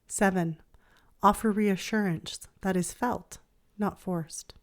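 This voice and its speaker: A woman therapist hosting a podcast, reading her reflective script in a gentle, measured, soothing way. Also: medium pitch, steady tone. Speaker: child therapist and podcast host.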